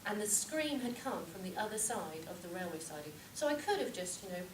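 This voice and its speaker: Animated woman telling a comic story. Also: medium pitch, a little fast. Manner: animated storytelling with shouted reenactments. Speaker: contest speaker. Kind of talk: humorous speech. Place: club meeting room with audience. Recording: echoey room from far off, noisy.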